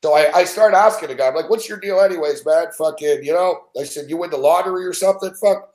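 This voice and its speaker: A man's voice: fairly high pitch, fast talker, a little mellow. A middle-aged man telling a long anecdote in casual chat, rambling and swearing constantly. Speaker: sports betting show regular. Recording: roomy echo.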